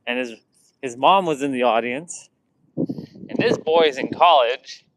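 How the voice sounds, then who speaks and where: A man's voice: medium pitch, unhurried, no echo, rough recording. A man telling stories in a loose, casual way, rambling, restarting sentences and acting out what people said. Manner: rambling, many restarts, acts out quotes. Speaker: vlogger. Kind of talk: casual storytelling.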